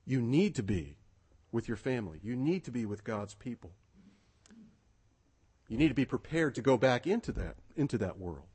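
A male pastor delivering a sermon with a slightly husky voice. His pitch rises and falls a lot as he exhorts, and he repeats key phrases to drive them home. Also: big pitch swings, moderate pace, pauses often, a little mellow.

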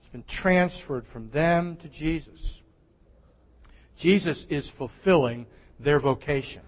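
A man delivers a sermon in a high, light voice, pressing his points with emphatic rises and then sinking to hushed asides. A long reverb trails behind every phrase. He talks like a pastor who is working through the passage for his congregation. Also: slow. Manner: animated, emphatic preaching with sudden drops to near-whisper.

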